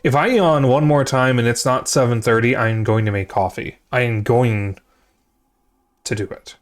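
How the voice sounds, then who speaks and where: A man's voice: mid-range voice, normal speed. A sleepy man streaming a video game, rambling and muttering to himself with frequent restarts. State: sleepy, yawning. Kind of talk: casual gaming commentary.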